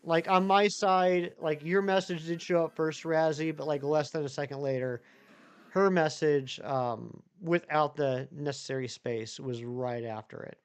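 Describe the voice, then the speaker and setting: A man chatting on a live stream. His voice sits a bit high and sounds smooth and clear. He rambles and answers viewers one by one. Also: steady tone, measured pace. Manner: rambling, chatty, reads chat aloud and answers it. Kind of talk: casual live-stream chat.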